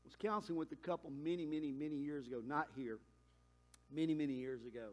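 High-voiced man preaching a sermon. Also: a little mellow. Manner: conversational preaching, quick asides and emphatic climbs. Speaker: pastor.

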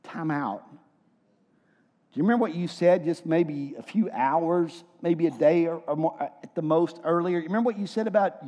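Guy preaching, pretty high voice, lots of hall echo, animated and chatty with the room. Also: normal speed. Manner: lively, asks the room questions and acts out quotes. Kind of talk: sermon. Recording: long hall reverb.

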